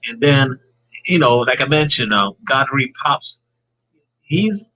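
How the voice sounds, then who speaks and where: A man's voice: medium pitch, animated, slow pace, sharp tone, rough recording. A man hosting a casual live-stream podcast chat, upbeat and reading out viewer comments. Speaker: podcast host.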